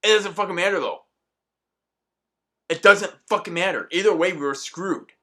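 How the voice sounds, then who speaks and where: A man's voice: high voice, normal speed, bright, forceful tone. A man delivering an angry, profanity-laced ranting monologue as a vlogger.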